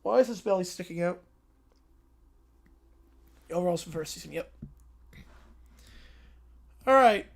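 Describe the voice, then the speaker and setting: A young man hosting a casual livestream, reading stories and tossing out sarcastic remarks. His delivery is quick and wry, flipping easily between deadpan asides and playful mockery. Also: sits high. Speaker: livestream host.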